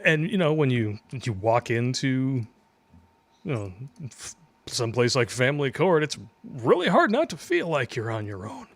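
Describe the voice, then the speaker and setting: A man's voice: medium pitch, sing-song, normal speed, no room sound. A man co-hosting a casual livestream talk show, reading viewer donations with a sarcastic, mocking edge and frequent laughter. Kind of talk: casual chat.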